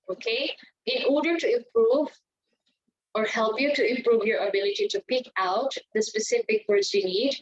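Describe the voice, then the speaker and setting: Woman, teacher, slow and careful, higher voice, dull lo-fi recording. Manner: slow, deliberate, checks in with "okay" and "right". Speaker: English test teacher. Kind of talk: exam tips lesson. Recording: dull lo-fi sound.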